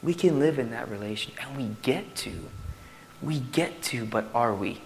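Guy preaching to his church, gets loud then drops to a hush, medium voice, a bit of hiss. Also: mid-range voice, normal speed. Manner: animated preaching, swings from loud to hushed. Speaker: pastor. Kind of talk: sermon.

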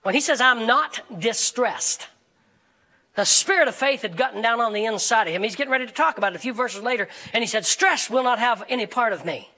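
A male pastor preaching a sermon in a church, animated, shouting and laughing as he reads scripture to the congregation. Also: very high-pitched, brisk, rough recording. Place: church sanctuary.

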